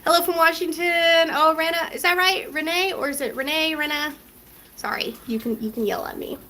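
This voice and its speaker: High-voiced chatty woman hosting a cooking livestream. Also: steady tone, moderate pace, bright, forceful tone, slight background noise. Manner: chatty and scattered, reads viewer comments aloud. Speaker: mother. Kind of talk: casual live-stream chat while cooking. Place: home kitchen.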